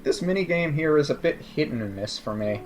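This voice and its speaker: Sarkastyczny mężczyzna komentujący grę. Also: male voice, on the high side, expressive, moderate pace, soft background music. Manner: sarcastic, joking asides. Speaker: let's play commentator. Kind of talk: casual gameplay commentary.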